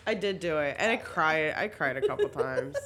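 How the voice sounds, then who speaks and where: A woman's voice: deep voice, animated, normal speed, a crowd in the background. A young adult woman hosting a podcast, chatting casually with lots of fillers and the odd swear word. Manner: laid-back, swears freely, lots of "like" fillers. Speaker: podcast host. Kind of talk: casual chat.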